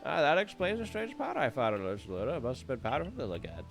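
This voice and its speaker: A man's voice: medium pitch, big pitch swings, rapid-fire, vocal fry, faint music behind. A man voicing a proud, formal elderly woman in a video game, speaking in a stately, old-fashioned way. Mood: formal, remorseful.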